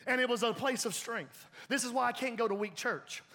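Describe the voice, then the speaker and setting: Man preaching, really high voice, folksy and lively, laughing a lot, echo of a big church hall. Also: brisk. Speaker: pastor. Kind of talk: sermon. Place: church sanctuary. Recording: hall reverb.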